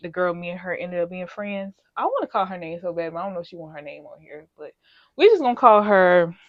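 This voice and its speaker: A woman's voice: on the low side, expressive, fast talker, dry recording, phone-quality sound. Candid, rambling young woman telling a story. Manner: rambling, candid and profane, with lots of filler. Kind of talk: casual storytime chat.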